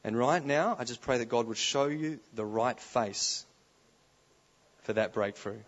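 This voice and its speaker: A man preaching at a conference, animated, shifting from quiet storytelling to loud declarations. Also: medium pitch, a little slow. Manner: animated, swings from soft to loud exclamations. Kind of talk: conference sermon. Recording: slightly dull live recording.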